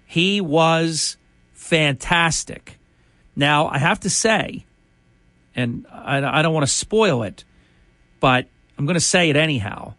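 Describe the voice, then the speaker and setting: A man's voice: on the high side, slow, long pauses, bright, forceful tone, dry recording. A male radio host giving a chatty, opinionated on-air monologue full of restarts.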